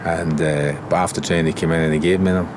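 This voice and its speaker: A former footballer earnestly recalling an embarrassing first day in an interview. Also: male voice, extremely low pitch, fairly even intonation, fast talker, background noise. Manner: earnest, self-deprecating. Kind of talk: reflective interview.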